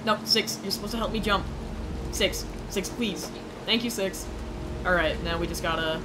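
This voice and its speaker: A young woman streaming a game, chatting playfully with her viewers and squealing when excited. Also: medium pitch, a little slow, noisy background. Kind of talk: casual gameplay commentary.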